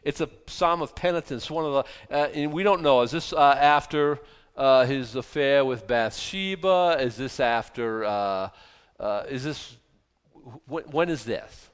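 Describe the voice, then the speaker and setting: A man's voice: medium pitch, a little slow, smooth. Guy teaching scripture in a casual earnest way, lots of uhs and restarts, echoey hall. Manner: earnest, repeats phrases, many fillers and restarts. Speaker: Bible teacher. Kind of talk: conversational Bible study. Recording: long reverb, hall.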